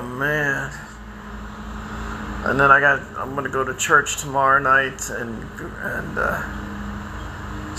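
An older man talking in a rambling, halting personal monologue, with many restarts and fillers. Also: medium pitch, vocal fry, background noise. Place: outdoors by a house, lawnmower nearby.

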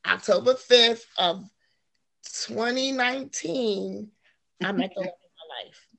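A woman in her forties, an author guest telling her story in casual interview chat, animated and quick to laugh. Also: a little high, gravelly. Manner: animated storyteller, laughs often, acts out quotes.

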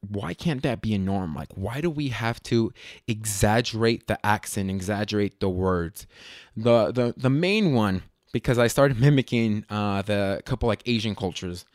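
A man hosting his own podcast in a loose, rambling way, correcting himself often and filling pauses with ums. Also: lowish voice, animated, darkish tone, no echo, studio quality. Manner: rambling, self-correcting, lots of fillers. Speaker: podcast host. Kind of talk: casual solo podcast chat.

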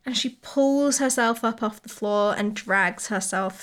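A woman playing a tabletop game who narrates her character's actions in a soft, drawn-out way. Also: medium pitch, level tone. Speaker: player.

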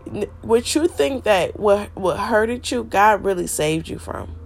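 A woman's voice: medium pitch, animated, unhurried, vocal fry. A middle-aged woman hosting a faith podcast, stuffy and congested from a cold, earnestly repeating her points like a preacher. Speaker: podcast host.

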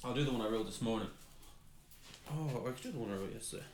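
A man's voice: medium pitch, quick pace, a little mellow, reverberant, slight background noise. A man co-hosting a podcast, chatting casually with blunt banter and free swearing. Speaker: podcast co-host. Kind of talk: casual chat and reading his own poems.

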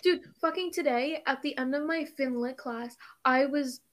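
A teenage girl co-hosting a podcast in casual chat, talking fast, swearing often and sometimes stuttering. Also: sits high. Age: teens. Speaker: podcast co-host.

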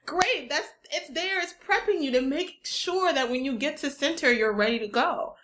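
A woman's voice: sits high, normal speed, fairly bright tone. A woman interviewing in a casual chat, upbeat and full of "you know" fillers.

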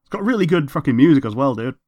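A laid-back man in a mid-range voice, chatting easily and agreeing often. He talks about what he watches at an unhurried, conversational pace. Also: mid-range voice, animated, darkish tone, lo-fi sound. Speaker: co-host watching a cartoon. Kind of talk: casual reaction chat.

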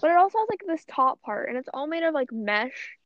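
A woman's voice: high-pitched, sing-song, a little fast, dry recording. A young woman co-hosting a podcast, chatting casually and rambling, swearing often and saying "like" constantly. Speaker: podcast co-host. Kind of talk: casual chat. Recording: dull, lo-fi audio.

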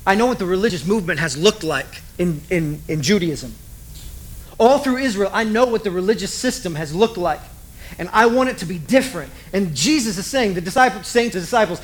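A man's voice: high voice, lively intonation, a little fast, rough recording. A man preaching a sermon as a pastor, talking animatedly and acting out little asides.

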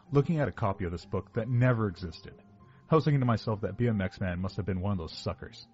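A man's voice: lowish voice, animated, fast, darkish tone, dull audio, soft background music. A man narrating a first-person horror story in a wry, casual, self-mocking way.

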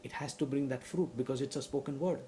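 Male preacher, warm timbre, emphatic sermon delivery that builds in volume. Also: mid-range voice, steady tone, fast talker, slight background noise, low-quality recording. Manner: rising to loud emphatic preaching; asks the audience questions.

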